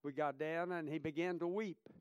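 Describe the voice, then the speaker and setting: A male pastor preaches in a high, smooth and resonant voice. He swings from fervent calls to hushed, intimate storytelling. The sound is dry and close, with no room echo. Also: fairly even intonation, moderate pace, muffled recording. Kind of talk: sermon.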